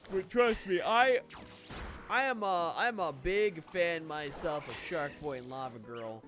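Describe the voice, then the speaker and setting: A man streaming a game and chatting casually, rambling with frequent swearing and restarts. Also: high-pitched. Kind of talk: casual chat while gaming.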